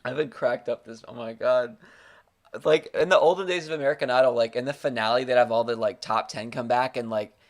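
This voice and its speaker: A male host in a casual chat, voice in an ordinary middle pitch. He jumps in with playful, excited reactions and loose banter. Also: a little fast. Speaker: interviewer, host.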